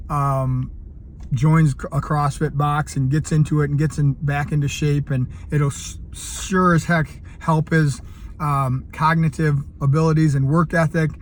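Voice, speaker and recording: Telling an earnest personal tale for his casual vlog, this fifties-aged CrossFit coach stumbles through frequent fillers and keeps starting over. His voice sits a little high, with a slight hiss or hum in the background.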